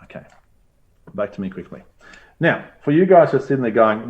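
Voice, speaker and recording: A man's voice: mid-range voice, sing-song, a little fast, pauses often, highs cut off. A man teaching a live online session, thinking aloud in an upbeat, chatty way as he clicks through a demo. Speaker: teacher presenter. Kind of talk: live screen-share demo lesson.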